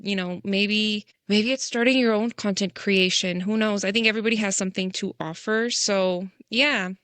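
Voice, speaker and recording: A young woman in a relaxed podcast chat, thinking out loud in a chatty, reflective way and dropping "like" often. Her voice is mid-pitched. The recording is dry and close. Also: moderate pace, no room sound. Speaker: podcast co-host. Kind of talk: casual chat.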